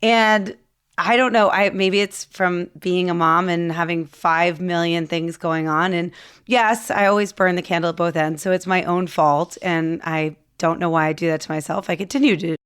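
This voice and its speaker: A woman's voice: on the low side, fairly even intonation, moderate pace, fairly bright tone, smooth. A woman podcast host in her thirties, chatting casually and self-deprecatingly with lots of fillers. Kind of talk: casual podcast intro monologue.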